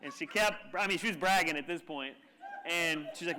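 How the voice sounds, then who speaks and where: A man giving a humorous, animated storytelling talk to a live audience in a lecture room. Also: on the high side, moderate pace, noisy background. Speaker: keynote speaker.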